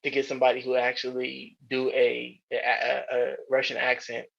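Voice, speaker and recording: A man's voice: mid-range voice, monotone, normal speed, creaky, fairly bright tone. A man co-hosting a podcast, chatting casually with rambling, profane opinions and many restarts. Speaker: podcast co-host. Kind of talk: casual chat. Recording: dull lo-fi sound.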